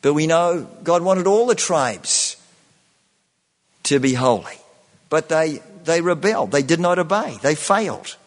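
Man, preacher, sermon, unhurried delivery, slightly high voice, long echo of a large hall. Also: expressive. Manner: slow, repetitive preaching with many "you know" fillers.

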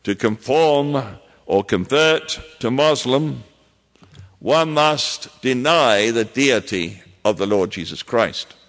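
Male pastor, mid-pitched voice, unhurried emphatic sermon delivery, reverberant church hall. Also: expressive, a bit bright. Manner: measured preaching with emphatic repetitions.

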